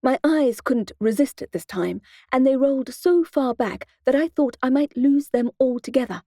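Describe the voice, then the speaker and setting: A woman's voice: high voice, moderate pace, dark tone, no room sound. A woman narrating an urban fantasy audiobook in the first person, in a wry, dry storytelling manner.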